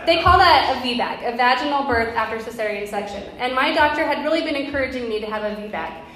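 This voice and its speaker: A woman pastor in her thirties preaches in a church sanctuary, sharing a personal story in an earnest, conversational manner. Her voice is fairly high, animated and fast with a fairly bright tone. The hall is very echoey, with faint background noise.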